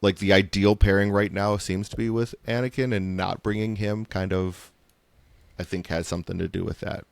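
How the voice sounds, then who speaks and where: Male co-host, gravelly and lowish, relaxed halting delivery, dry close mic. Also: no room sound. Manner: laid-back, halting, many restarts. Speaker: podcast co-host. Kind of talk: casual chat.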